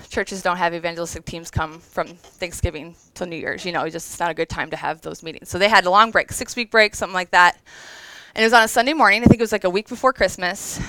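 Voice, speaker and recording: Earnest, smooth-voiced woman speaker. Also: medium pitch, bright, forceful tone, dry recording, low-quality recording. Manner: conversational, earnest, emotional at times. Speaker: women's event speaker. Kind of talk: devotional talk to a live audience.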